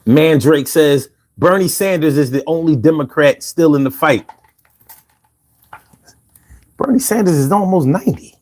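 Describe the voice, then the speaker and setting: A man's voice: fairly high pitch, lively intonation, measured pace, long pauses, darkish tone. A man hosting a livestream podcast, chatting casually and reading viewer comments with loose, profane banter.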